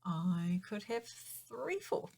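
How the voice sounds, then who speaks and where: A woman's voice: medium pitch, very animated, drawn-out words, gravelly, darkish tone. A woman piano teacher patiently explaining time signatures and counting beats aloud in a chatty way. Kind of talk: explaining music theory in a lesson.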